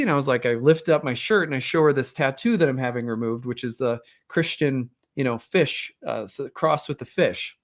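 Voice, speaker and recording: Fairly quick and mid-range, with vocal fry, the voice belongs to a man who hosts an astrology channel. In a casual monologue, he candidly rambles through a personal story, using lots of fillers and self-deprecating asides.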